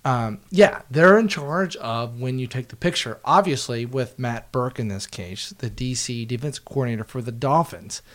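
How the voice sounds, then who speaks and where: A man's voice: medium pitch, normal speed, hardly any pauses. A man telling a work story in casual chat, swearing freely and laughing as he talks. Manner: profane, laughing, animated storyteller. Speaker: guest, former team video staffer.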